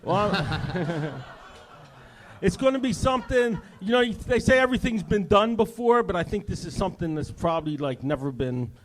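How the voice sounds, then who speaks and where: A man, a comedian, answering questions hesitantly and softly, with many pauses and ums. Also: high voice, lively intonation, a little hiss or hum. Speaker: open mic comedian.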